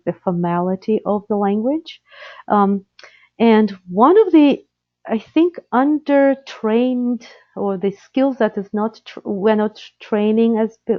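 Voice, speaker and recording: A woman's voice: medium pitch, no echo. A woman who grew up speaking Russian leads a live interpreter-training webinar, talking through skills in a practical way, with many fillers and self-corrections along the way. Her voice comes through dull and lo-fi, as typical webinar audio. The sound is dry, with no room around it. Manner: instructive, practical, with frequent fillers and restarts.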